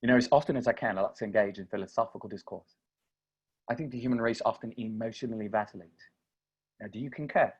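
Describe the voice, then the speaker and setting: A man voicing a prim British gentleman who speaks in a formal, elaborate way. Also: on the low side, fast talker, husky, dull audio. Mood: pompous.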